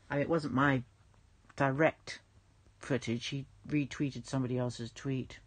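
A woman's voice: very deep voice, fairly even intonation, measured pace, breathy edge. A woman chatting casually with viewers on a livestream, rambling, self-mocking and reading out their comments. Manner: reads out chat comments.

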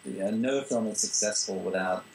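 A man from Australia talks through his views in an interview, with a low voice that rasps into fry. He speaks loosely and restarts often, leaning on fillers. A faint noise floor sits under the recording. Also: normal speed, poor audio. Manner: relaxed, full of "you know" fillers and restarts. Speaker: screenwriter and director. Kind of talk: interview answers.

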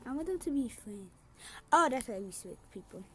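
A woman's voice: on the high side, animated, moderate pace, a little hiss or hum. A woman hosting a gaming channel, chatting casually and rambling as she plays and makes up a story. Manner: rambling, chatty, with sudden outbursts. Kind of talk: casual gameplay commentary with storytelling.

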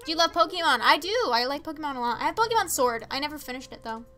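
Teen girl gaming on stream, super high voice, just chatting and reacting to villagers. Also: lively intonation, racing, sharp tone. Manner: chatty, reads chat aloud, reacts to game villagers. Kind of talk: casual live-stream chat while gaming.

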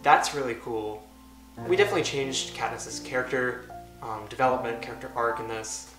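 A man's voice: mid-range voice, normal speed. Wry young man reading his old script. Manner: wry, deadpan, self-mocking. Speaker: YouTuber. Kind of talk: casual reading and commentary. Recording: roomy echo with music underneath.

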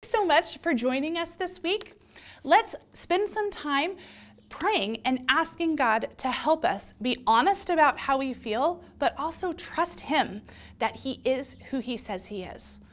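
A woman leading a children's sermon, speaking to kids in a gentle, earnest way. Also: high voice, expressive, a little slow. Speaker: children's ministry leader.

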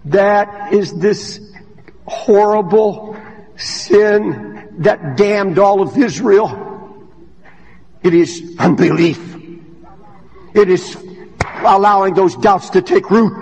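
Older guy preaching, kinda high voice, goes quiet then yells, big echoey church hall. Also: drawn-out words, pauses often. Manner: impassioned preaching, swinging from hushed to shouted. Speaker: pastor. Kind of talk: sermon. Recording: long hall reverb.

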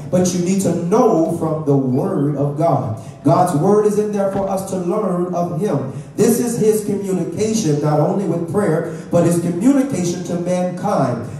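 A man's voice: high-pitched, dark tone. A man preaching a sermon as pastor, asking the congregation for amens. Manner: preaching with call-and-response questions. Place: church sanctuary. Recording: echoey church from far off.

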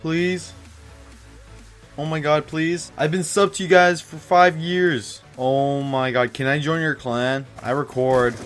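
A man with a slightly high voice talks over his gameplay into a headset. He is excitable and gushing, like a starstruck fan. The game's music sits faintly behind him. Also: takes it slowly. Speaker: gaming YouTuber. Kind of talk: live gameplay commentary.

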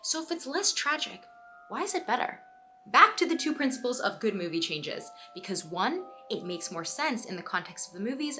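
A young woman hosting a scripted video essay, animated and playful, with quick asides to the viewer. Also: mid-range voice.

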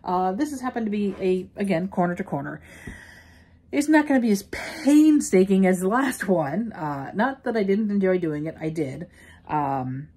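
A woman's voice: mid-range voice, expressive, moderate pace, warm tone, breathy edge. A middle-aged woman from New York gives a casual crochet tutorial in a rambling, chatty way, with many fillers and restarts. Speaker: crochet teacher.

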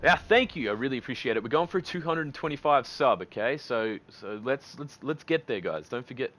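An Australian man chatting excitably while streaming a shooter game, swinging from loud outbursts to low muttering. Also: moderate pace, few pauses. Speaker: gaming streamer. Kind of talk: live gameplay commentary. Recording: gunfire and battle noise behind.

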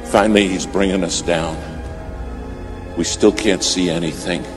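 A man preaching a storytelling sermon at a church service, swinging from urgent, loud appeals to hushed, near-whispered lines. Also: sits low, fairly even intonation, measured pace, over music.

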